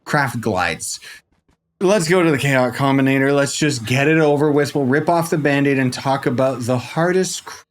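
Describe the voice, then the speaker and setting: A man giving casual commentary for a game tutorial, rambling playfully with jokey asides and sudden jumps in pitch, into a desk microphone. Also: normal speed. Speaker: game guide creator.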